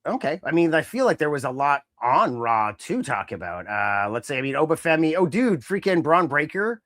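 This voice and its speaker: A fairly high-voiced man co-hosting a casual wrestling podcast, bouncing into mimicked voices as he retells scenes. The sound is dry and close, with no room around it. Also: normal speed, dry recording. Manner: animated, acts out wrestlers' lines in mimicking voices. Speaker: podcast co-host.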